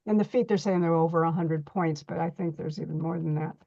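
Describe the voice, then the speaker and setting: A woman's voice: sits low, steady tone, fairly quick, creaky, warm tone, dull audio. Chatty middle-aged woman teaching reflexology. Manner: chatty, repeats words, restarts often. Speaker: reflexology workshop instructor. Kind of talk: online workshop teaching.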